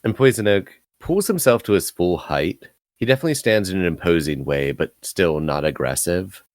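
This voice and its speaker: Very deep, calm male game master; dry narration. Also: moderate pace, no echo.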